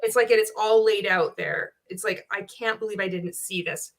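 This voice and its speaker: A woman's voice: medium pitch, steady tone, normal speed. A woman in her forties hosting an interview, talking bluntly and heatedly with lots of swearing. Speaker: podcast host. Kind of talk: casual interview chat.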